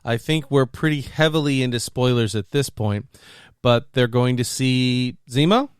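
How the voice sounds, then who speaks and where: A man's voice: mid-range voice, moderate pace, smooth, no echo, studio quality. A man hosting a casual group podcast, leading the topics with playful teasing. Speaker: podcast host.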